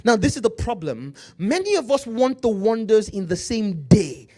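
A man's voice: high-pitched, sing-song, dark tone. Emphatic preaching man with an African accent. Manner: emphatic preaching, slows to read scripture, calls out to the congregation. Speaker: pastor. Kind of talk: sermon.

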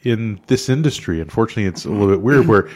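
A man's voice: lowish voice, animated, quick pace, a little mellow. A man co-hosting a podcast in casual chat, blunt and swearing freely, acting out the quotes in his stories. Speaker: podcast co-host.

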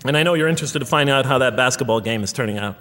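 A man's voice: medium pitch, very fast, crowd noise. A man giving a public lecture, earnest and rhetorical, counting off points one by one. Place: lecture hall. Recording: lecture hall with long reverb.

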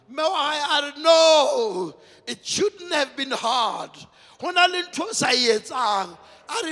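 High bright pastor preaching slow and loud, big hall echo, music under. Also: male voice, expressive. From South Africa. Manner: preaching with shouted emphasis, switching between languages. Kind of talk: sermon.

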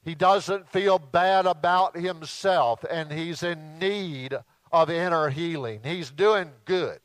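A visiting preacher delivers a sermon at an unhurried, drawn-out pace. His voice sits a little high for a man, and he leans on dramatic pauses to stress his points. The recording is dry, with little room sound. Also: no echo.

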